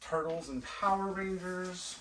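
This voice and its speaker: A man's voice: sits high, background noise. A man sorting through boxes of toys and chatting casually to himself as he unpacks. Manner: slow, musing, talks to himself while sorting. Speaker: toy collector vlogger. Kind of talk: casual unboxing chat. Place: cluttered toy room indoors. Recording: echoey room, mic at a distance.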